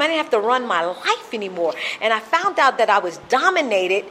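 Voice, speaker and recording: A woman's voice: a little high, big pitch swings, normal speed, long pauses, fairly bright tone. Woman sharing an emotional recovery story. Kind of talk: recovery meeting testimony.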